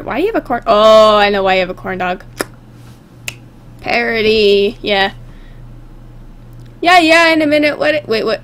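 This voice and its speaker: A woman's voice: a little high, lively intonation, unhurried, long pauses, fairly bright tone. A woman giving casual, playful commentary while playing a game, often giggling and joking. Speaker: gamer.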